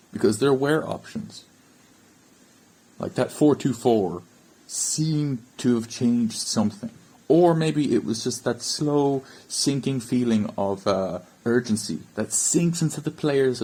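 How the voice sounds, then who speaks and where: Irish man, husky voice, blunt frustrated football rant, fan channel host. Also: mid-range voice, a little mellow, low-quality recording. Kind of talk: ranting match review to camera.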